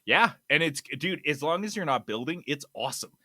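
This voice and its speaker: A man hosting a casual gaming podcast, reading news with animated, loud bursts of enthusiasm. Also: on the high side, a little fast, no room sound, clean studio sound. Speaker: podcast host. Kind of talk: casual chat.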